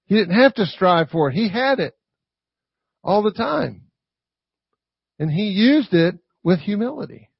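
High, gravelly-voiced male preacher. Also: no room sound. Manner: conversational, keeps asking "right?" to the congregation. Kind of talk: sermon. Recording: dull lo-fi recording.

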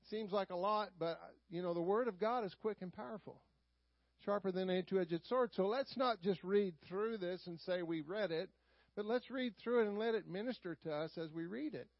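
A Southern-accented man preaches in a folksy way and often turns to the congregation with "Amen?". His voice sits high for a man. The recording is dry, with a dull, slightly muffled tone. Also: moderate pace, dry recording. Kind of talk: sermon.

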